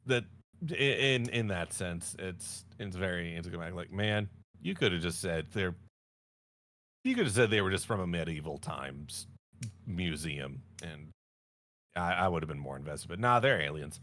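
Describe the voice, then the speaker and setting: Man, low voice, rambling, jokey, casual livestream chat, self-correcting. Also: animated, moderate pace, fairly bright tone. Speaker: podcast co-host.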